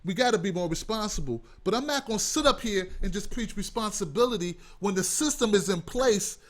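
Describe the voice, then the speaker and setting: A man's voice: high-pitched, lively intonation, fairly quick. A man hosting a call-in talk show, ranting with passion and profanity. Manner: impassioned, profane, emphatic. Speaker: host. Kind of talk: heated call-in show rant.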